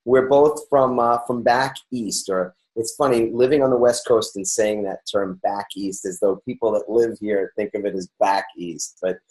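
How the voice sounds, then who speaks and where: A man's voice: on the low side, steady tone, normal speed, few pauses, a little mellow, rough recording. A middle-aged man from New York hosting a podcast, talking in an upbeat, rambling way with many restarts and fillers. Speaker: podcast host. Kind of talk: casual interview chat.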